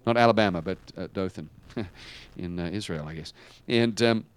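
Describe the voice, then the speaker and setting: Man preaching, dramatic swings from soft asides to shouts, smooth clear voice, dry sound. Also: sits low, normal speed, dry recording. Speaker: pastor. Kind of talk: sermon.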